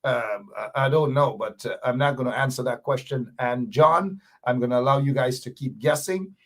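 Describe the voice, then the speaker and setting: Male talk host, slightly husky, playful and teasing with his audience. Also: medium pitch, normal speed. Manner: playful, teasing viewers while reading comments. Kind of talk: live call-in talk show chat.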